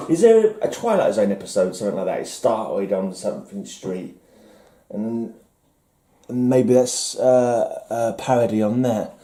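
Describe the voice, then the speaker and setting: Very dark-voiced rambling comic collector man. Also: fairly low pitch, animated, measured pace, roomy sound. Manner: musing, self-mocking, trailing off. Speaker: comic collector showing a haul. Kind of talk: rambling casual vlog.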